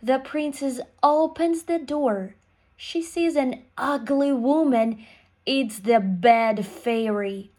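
Woman, children's storyteller, very slow, clear, simple sentences, slightly high voice. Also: mellow.

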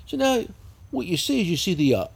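A man's voice: high voice, a little fast, gravelly, slightly rough. A man telling profane stories in a casual podcast chat, often laughing. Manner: profane, animated storytelling with laughter.

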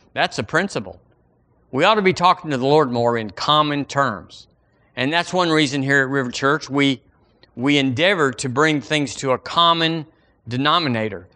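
A man's voice: mid-range voice, bright, forceful tone. A male pastor preaching a folksy, emphatic sermon, acting out imagined prayers to the Lord.

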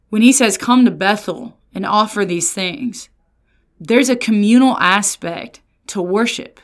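Lively woman teaching scripture. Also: mid-range voice. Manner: lively, jumps into sarcastic voices for quoted lines. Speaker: pastor and resident theologian. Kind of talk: casual Bible teaching.

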